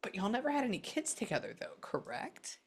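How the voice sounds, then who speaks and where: A woman's voice: on the high side, huge pitch swings, a little fast, husky. Chatty woman doing a blunt psychic reading. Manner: chatty, blunt, quotes the spirit back and forth. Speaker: psychic medium. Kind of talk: casual reading session.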